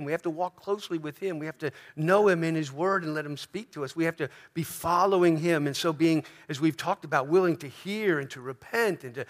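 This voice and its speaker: A male pastor preaching a sermon earnestly, dropping into soft, prayerful tones. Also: on the high side.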